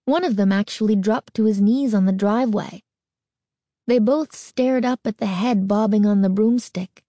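A woman narrating a spooky story as an audiobook, expressive and suspenseful. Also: mid-range voice, moderate pace, dry recording, clean studio sound.

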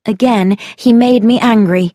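A woman narrating a first-person story in a measured, deliberate reading voice. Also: a little high, mellow, dry recording, studio quality. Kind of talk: scripted narration.

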